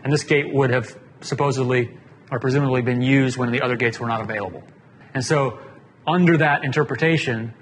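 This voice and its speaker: A man's voice: medium pitch, a bit bright. A man preaching a casual sermon as pastor, plain-spoken and conversational, often putting questions to the congregation. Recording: long hall reverb, faint room noise.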